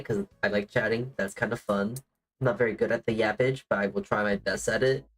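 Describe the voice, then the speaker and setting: A man chats on a livestream in a loose, rambling way, leaning on "like" and poking fun at himself. His voice sits at an ordinary middle pitch. Faint music plays quietly behind him. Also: poor audio. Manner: rambling, heavy on "like" fillers, self-deprecating. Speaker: VTuber streamer. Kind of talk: casual livestream chat. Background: faint music playing.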